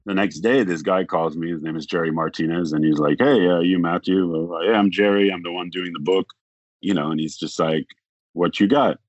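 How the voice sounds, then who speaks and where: Low-voiced man telling a story. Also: fairly quick, no echo, dull audio. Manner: rambling, acts out quoted dialogue, frequent "like". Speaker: podcast guest. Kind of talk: casual storytelling.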